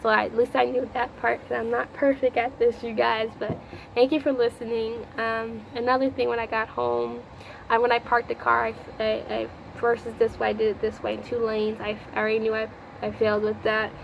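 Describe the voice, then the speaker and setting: Raspy-voiced woman vlogger, rambling. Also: on the high side, flat delivery, fairly quick, slight background noise, rough recording. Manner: rambling, repeats herself, talks to the Lord aloud. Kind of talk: casual storytelling vlog.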